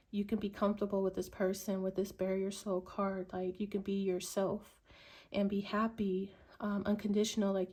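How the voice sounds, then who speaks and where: Woman, tarot reader, mellow warm tone, unhurried musing, lots of ums and likes. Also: medium pitch. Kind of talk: tarot reading to camera.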